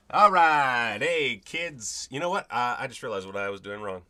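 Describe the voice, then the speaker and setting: A man's voice: mid-range voice, sing-song, moderate pace, hardly any pauses, pushed and bright. A man hosting his own show, chatting casually, rambling, swearing and mocking himself as he fiddles with his setup. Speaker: host. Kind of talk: casual home video chat.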